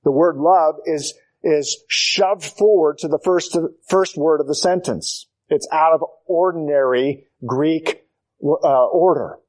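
A male preacher delivering an expository sermon, his voice sitting somewhat high for a man. He speaks emphatically, stacking repeated phrases to drive each point home. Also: takes it slowly, darkish tone. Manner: emphatic, building repetition with rising emphasis.

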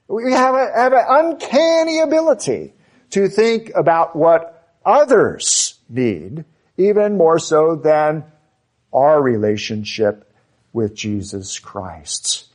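A man preaches with earnest emphasis and dramatic pauses. His voice sits a little high for a man. He moves slowly, stretching out the words that matter most. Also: expressive. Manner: occasional fillers and restarts. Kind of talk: sermon.

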